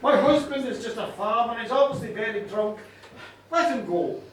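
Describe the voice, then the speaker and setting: A man's voice: extremely high pitch, animated, normal speed, slight background noise. A storyteller voicing a defiant, indignant pregnant young woman, recorded live in a pub. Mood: pleading. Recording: echoey pub room from far off.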